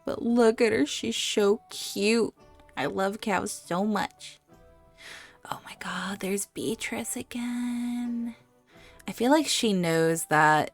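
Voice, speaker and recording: A woman giving casual let's-play commentary on her life-sim game, chatting to her characters and cooing over the animals. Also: on the low side. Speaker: gaming YouTuber.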